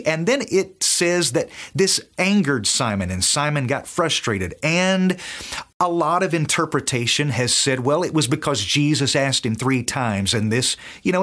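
A man's voice: on the high side, lively intonation, unhurried, a bit bright. A man with a Southern US accent, teaching from the Bible with enthusiasm and acting out the dialogue. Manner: enthusiastic, acts out quoted dialogue. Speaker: preacher.

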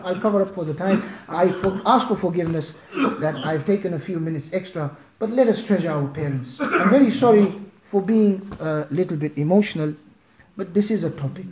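Malawian-born male preacher, emotional sermon, high pitch, faint hiss, echoey mosque. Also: lively intonation, fairly quick. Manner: impassioned, pleading, rises to near shouting.

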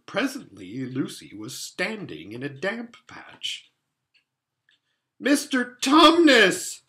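A man reading a children's book aloud in an expressive, dramatic way. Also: on the high side. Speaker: storyteller.

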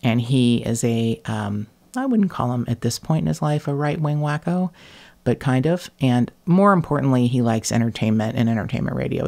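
Chatty woman host with gravelly fry. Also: rumbling low, darkish tone. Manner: chatty, self-mocking, swearing. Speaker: podcast host. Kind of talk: casual chat.

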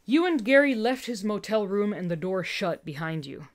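A woman narrating a story in a gentle, earnest way. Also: medium pitch, sing-song, moderate pace, hardly any pauses. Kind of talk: storytelling narration, fan dub reading.

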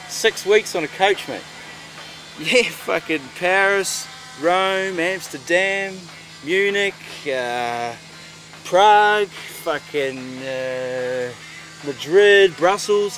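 A man's voice: high-pitched, takes it slowly, a bit bright, low-quality recording. A young man with a New Zealand accent playing a brash, crude car-yard worker who swears constantly in naturalistic indie film dialogue. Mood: laid-back. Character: brash foul-mouthed young Kiwi car washer.

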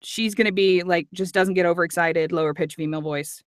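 A woman's voice: lowish voice, fairly even intonation, fairly quick, no room sound, clean studio sound. A woman audiobook narrator in casual livestream chat, chatty and giggly. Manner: chatty and giggly, nerdy about accents.

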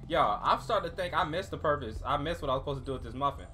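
A man's voice: mid-range voice, lively intonation, fast, bright, forceful tone, soft background music. A man giving casual, joking gameplay commentary as a gaming YouTuber, talking straight to his viewers.

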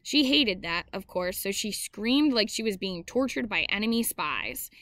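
A woman reading a novel aloud in steady first-person narration, with small slips she corrects as she goes. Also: medium pitch, unhurried, no room sound.

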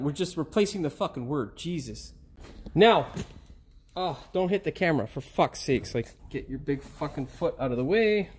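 In these DIY repair outtakes, the middle-aged host of an auto repair channel talks to a camera outdoors in a driveway, his medium-pitched voice slightly rough. Lacking sleep, he swears frequently, mutters under his breath, and keeps redoing his lines.

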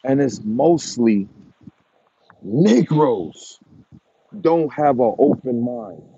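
Slow, dark-voiced man taunting viewers. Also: mid-range voice, animated, breathy edge, no echo. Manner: taunting, repetitive, mocking with chuckles. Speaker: dog breeder. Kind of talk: ranting monologue to viewers. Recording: dull lo-fi recording.

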